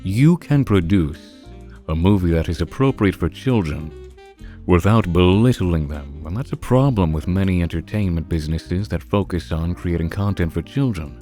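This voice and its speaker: Deep-voiced man ranting earnestly. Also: lively intonation, normal speed, warm tone, soft background music. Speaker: video reviewer. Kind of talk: opinionated film critique monologue.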